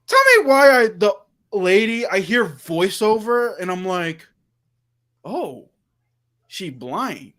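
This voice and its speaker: A high-pitched man in casual livestream chat. He tells stories with animation, acting out what everyone said in reported dialogue. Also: measured pace. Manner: animated storyteller, quoting himself and others in reported dialogue. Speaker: livestream host.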